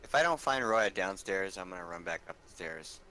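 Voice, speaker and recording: A deep-voiced man plays a tabletop game, speaking a little fast and with animation. As a player, he plans his character's actions out loud, step by step.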